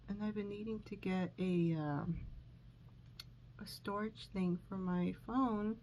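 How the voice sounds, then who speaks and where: Recording on her phone at home, a woman does her makeup and talks slowly in a medium-pitched, darkish, fairly even voice. She rambles nervously with many fillers and restarts, sniffling from allergies, as a self-conscious makeup vlogger. Rough recording with slight background noise.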